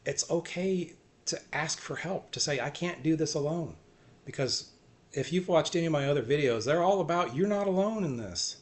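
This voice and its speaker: A man giving an earnest, self-encouraging faith talk, repeating short phrases and often trailing off softly. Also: a little high, animated, moderate pace. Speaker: faith vlogger. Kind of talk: personal faith talk to camera.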